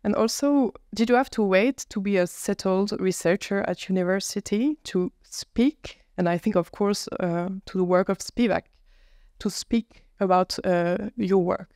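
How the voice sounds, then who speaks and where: A woman's voice: medium pitch, a little slow, darkish tone, dry recording, studio quality. Woman moderating an academic panel. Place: conference hall panel.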